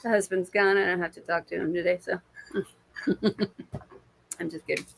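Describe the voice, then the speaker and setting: A woman's voice: fairly low pitch, fairly even intonation, normal speed, vocal fry, fairly bright tone. A woman giving live intuitive readings to viewers on a stream, casual and encouraging, with plenty of swearing and pet names like babe and my friend. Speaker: intuitive reader.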